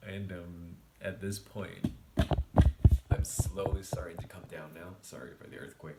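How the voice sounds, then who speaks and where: A man quietly telling a casual storytime vlog late at night at home, keeping his voice down and laughing often. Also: low voice, fairly even intonation, moderate pace, echoey room, a little hiss or hum. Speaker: vlogger.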